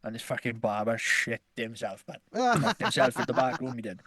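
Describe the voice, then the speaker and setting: A man spinning a long, profane yarn, laughing through it. His voice sits at an ordinary pitch and sounds close and dry, with no room around it. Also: big pitch swings, moderate pace, a bit bright, dry recording. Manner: rambling, swears constantly, laughs through stories. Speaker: podcast co-host. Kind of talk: casual storytelling chat.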